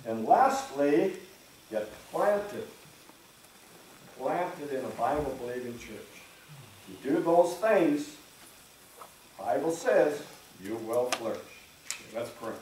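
A man preaching a sermon as pastor in a church, talking in a conversational way, often clearing his throat and acting out imagined churchgoers. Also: a little high, very animated, takes it slowly, long pauses, a little mellow, distant mic, a little hiss or hum. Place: church sanctuary. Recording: very echoey church room, speaker away from the mic.

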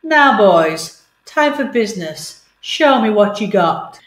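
Woman putting on a purry scheming cat gang boss, smooth and sly, storybook voice. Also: medium pitch, lively intonation, slow pace, reverberant, slight background noise.

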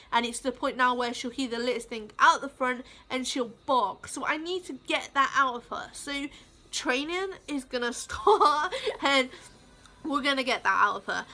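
A woman with a high, sharp-toned voice vlogs in a casual, heated rant. She rambles with plenty of swearing and fillers.

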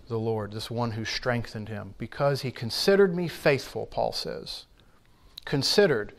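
A pastor preaching a sermon in a church, teaching in an earnest, emphatic way with measured pauses. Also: male voice, fairly high pitch.

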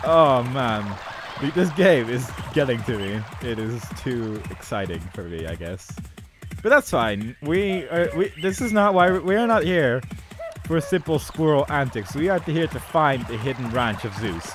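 A man's voice: medium pitch, lively intonation, measured pace, noisy background. A young man doing comedic game commentary, exasperated and sarcastic, complaining melodramatically at the game. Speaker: let's play commentator.

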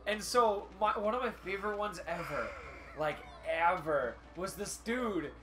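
A young man co-hosting a podcast in casual chat, an animated storyteller who swears freely and says "like" often. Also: sits high, a little slow. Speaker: podcast co-host.

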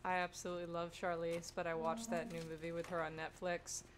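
A woman's voice: fairly low pitch, completely flat delivery, fairly quick, background noise. A woman streamer giving casual, chatty gameplay commentary, giggly and self-mocking. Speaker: game streamer.

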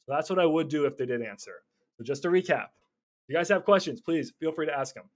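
A man teaching cold calling in a casual, energetic way, often stumbling over and repeating words. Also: on the high side, a little fast. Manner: energetic, stumbling repeats, slips into acted phone calls. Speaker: real estate investor teaching cold calling. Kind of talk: casual instructional talk.

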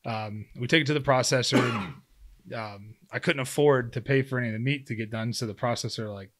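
Animated man telling a hunting story. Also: mid-range voice, brisk, noisy background. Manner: animated storyteller, acts out his own quotes, many fillers. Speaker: guest, former pro football player turned hunter. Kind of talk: casual storytelling conversation.

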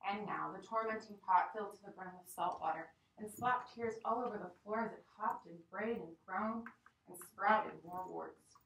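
Woman reading a story aloud to a class. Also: mid-range voice. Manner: expressive, dramatic storytelling. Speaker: teacher. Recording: echoey classroom from far off.

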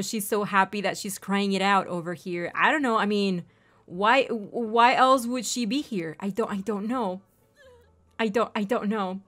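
A young woman hosting a gaming channel, giving excitable, gushing let's-play commentary and addressing viewers as ladies and gentlemen. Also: on the high side.

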